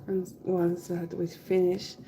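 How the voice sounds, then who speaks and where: A woman talks casually while she works through a livestream. Her voice is low and gravelly with a mellow, dark tone. She sounds relaxed and chatty, often trailing off as she concentrates. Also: slow pace, slight background noise, rough recording. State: has the hiccups. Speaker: henna artist livestreaming. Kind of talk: casual chat while working.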